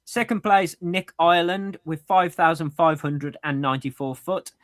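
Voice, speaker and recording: Speaking at a normal speed in a slightly high voice, a man co-hosts a running podcast via remote call. He uses AirPods and keeps it casual, stumbling over words and laughing at himself.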